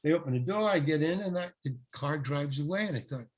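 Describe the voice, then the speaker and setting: An older male actor, a guest on an interview, telling rambling, animated anecdotes full of restarts. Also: a little high, quick pace, background noise. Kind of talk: casual storytelling interview.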